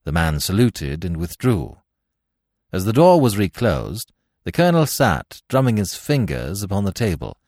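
A man reads a classic story aloud in a measured, expressive storytelling manner. His voice is very deep yet lively in pitch. The recording is close and dry. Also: no echo. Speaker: narrator. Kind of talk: dramatic audiobook reading.

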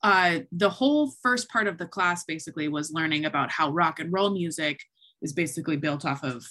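A woman's voice: deep voice, a little fast, fairly bright tone. A woman co-hosting a podcast, chatting casually with many fillers and frequent laughter. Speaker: podcast co-host. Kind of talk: casual chat.

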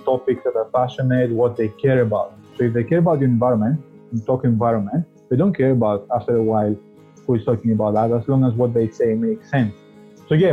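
A man's voice: mid-range voice, phone-quality sound. A man speaking English as a second language, talking earnestly and passionately as a podcast guest, often restarting his phrases. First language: not English. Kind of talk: casual interview talk.

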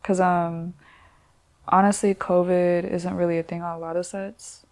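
A woman in her twenties, a podcast guest, chatting casually in relaxed, slangy talk full of "like". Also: on the low side, moderate pace. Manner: relaxed, slangy, many "like" fillers. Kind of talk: casual chat.

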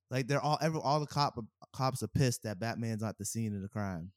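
A man co-hosting a podcast in casual chat, an animated storyteller who acts out quotes and laughs a lot. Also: medium pitch, a little fast, few pauses, no room sound, studio quality. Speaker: podcast co-host.

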